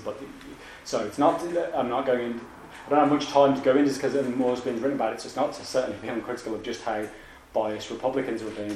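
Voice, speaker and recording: A man giving an academic lecture in a lecture hall, talking in a halting way with many restarts and asides. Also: on the low side, far from the mic, a little hiss or hum.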